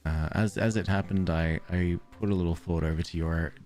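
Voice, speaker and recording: A man's voice: low voice, fairly even intonation, brisk, darkish tone, faint music behind. An Australian man streaming a game, chatting casually and drifting off into rambling stories. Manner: rambling, tangent-prone storytelling. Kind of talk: casual gameplay commentary.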